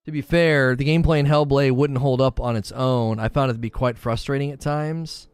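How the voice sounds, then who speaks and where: A man's voice: medium pitch, steady tone, brisk, clear, resonant tone, no room sound. A man chatting casually and earnestly, often repeating himself as he talks about what moves him. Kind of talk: casual chat.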